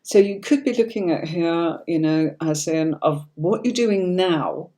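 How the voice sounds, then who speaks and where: A woman's voice: fairly low pitch, unhurried, warm tone. A middle-aged woman from Yorkshire with a neutral standard British accent, hosting a live-streamed tarot reading in a chatty, reassuring way and often checking in with "okay?". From Yorkshire, England. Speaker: tarot reader and livestream host.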